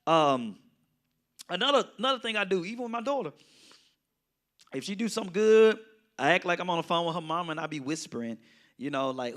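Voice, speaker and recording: A pastor teaches a Bible study conversationally, often checking in by asking the audience "right?" His voice sits high and is a bit bright, with lively intonation, a slightly fast pace and frequent pauses.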